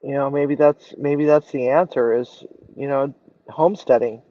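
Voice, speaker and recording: A man's voice: mid-range voice, steady tone, normal speed, dry recording, lo-fi sound. A man chatting casually as a guest, hedging loosely with lots of fillers. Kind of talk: casual chat.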